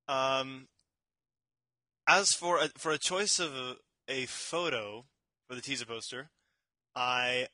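Man, podcast co-host, bright clear tone, dry sound, animated, stumbling over words. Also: medium pitch, takes it slowly, pauses often, no echo. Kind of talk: casual chat.

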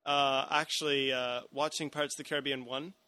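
A man's voice: mid-range voice, flat delivery, brisk, pushed and bright, no echo. A man hosting a podcast, chatting casually about a film with many restarts and hedges. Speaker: podcast host.

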